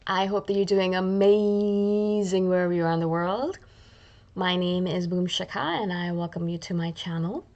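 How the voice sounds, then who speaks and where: A woman's voice: fairly low pitch, normal speed, a little mellow, muffled recording. Chatty self-mocking woman vlogger. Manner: chatty and self-deprecating, acts out little quoted asides. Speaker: YouTube channel host. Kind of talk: casual talking-to-camera vlog.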